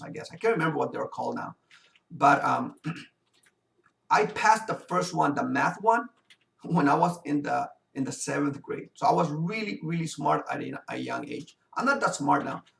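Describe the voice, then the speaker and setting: A man tells a personal story in a loose, rambling way, stacking fillers as he games. His voice is very gravelly and a bit high. It sounds roomy, picked up from some distance. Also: a bit bright. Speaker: gamer and video host. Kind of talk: casual storytelling while gaming.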